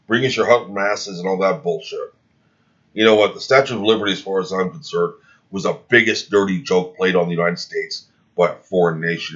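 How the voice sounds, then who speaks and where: A man's voice: low-pitched, a bit bright. A man speaking in a heated opinion monologue, rambling and restarting his words, recorded with dull, lo-fi sound. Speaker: video commentator.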